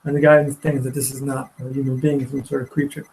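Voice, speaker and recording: A man teaching a class, retelling a story in a halting way with many repeated words and restarts. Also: mid-range voice, level tone, gravelly, a little mellow, slight background noise, poor audio. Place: study hall.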